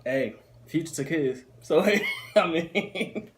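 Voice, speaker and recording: A man's voice: on the high side, expressive, slow. A man co-hosting a podcast in casual chat, blunt and joking, with plenty of slang. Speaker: podcast co-host.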